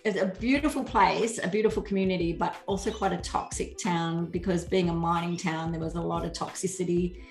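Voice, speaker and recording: Woman, middle-aged, lowish voice, earnest storytelling, echoey room, faint music. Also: steady tone, a little fast, few pauses. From Australia. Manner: warm, earnest, laughs often, acts out quoted speech. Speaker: guest author. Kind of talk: casual storytelling in a podcast interview.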